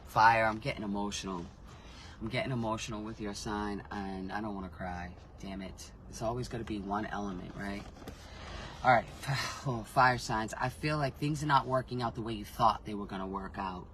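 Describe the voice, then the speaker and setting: A man's voice: fairly low pitch, normal speed, fairly bright tone, a little hiss or hum, rough recording. Rambling man giving a casual spiritual reading. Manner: rambling, self-interrupting, swears freely; frank, emotionally reactive. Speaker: intuitive reader.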